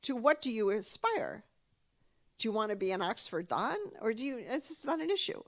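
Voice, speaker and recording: A woman's voice: on the high side, normal speed. A woman with an American accent giving a public lecture, telling jokes animatedly and repeating phrases as she thinks. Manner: animated, laughs at own stories, repeats phrases.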